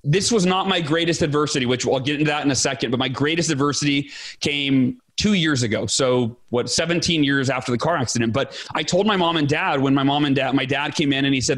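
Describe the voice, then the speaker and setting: A man in his forties, a guest author telling his story in a podcast interview with emphatic, animated delivery. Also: on the high side, fairly quick. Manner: animated, emphatic, acts out quoted dialogue.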